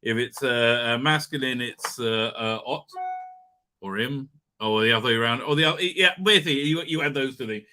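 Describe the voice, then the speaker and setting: A man's voice: mid-range voice, normal speed, sharp tone. A man hosting a live online show, chatting casually and rambling with many fillers, restarts and laughs. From Israel. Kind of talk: casual live-stream chat.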